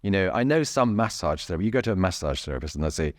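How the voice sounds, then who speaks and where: A man with a very low, deep voice talks through body mechanics in an easygoing, careful way. He chuckles often and stumbles over his restarts. The sound is dry and close. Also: animated, no echo. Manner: gentle, chuckling, halting with many restarts. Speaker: bodywork therapist. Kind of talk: casual explanatory chat.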